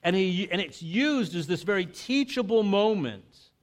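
A man preaching a sermon in a conversational, animated way. He often breaks off and restarts his sentences. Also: sits high, unhurried. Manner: conversational and animated, with frequent self-interruptions and restarts. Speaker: pastor.

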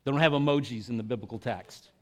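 A man preaching a sermon in a conversational, animated way. He often breaks off and restarts his sentences. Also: mid-range voice, quick pace. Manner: conversational and animated, with frequent self-interruptions and restarts. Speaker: pastor.

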